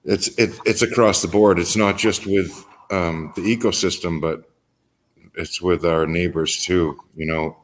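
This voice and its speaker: A man's voice: low-pitched, steady tone, a little slow. A man hosting a talk show, speaking reflectively and hesitantly with frequent ums. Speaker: host. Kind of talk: casual reflective chat.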